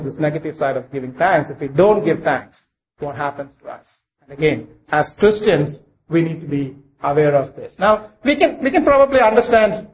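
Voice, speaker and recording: A man's voice: on the high side, highs cut off. Man preaching in an echoey hall. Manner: halting, many fillers and restarts. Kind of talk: sermon.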